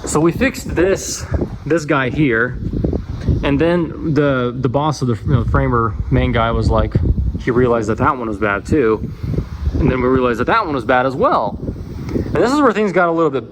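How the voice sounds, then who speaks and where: A man of ordinary pitch talks loosely through a walkthrough of his framed-up house, restarting sentences and getting lively when he retells a run-in. Faint noise sits behind him. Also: moderate pace. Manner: casual, rambling, restarts, animated when retelling. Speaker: home builder filming his build. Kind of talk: walkthrough vlog. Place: house under construction.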